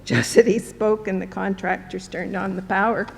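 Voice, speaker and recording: A woman in her seventies from Canada, giving a measured, reflective formal speech as a university chancellor in a large hall. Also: level tone, gravelly. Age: 70s. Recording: long hall reverb, faint rumble.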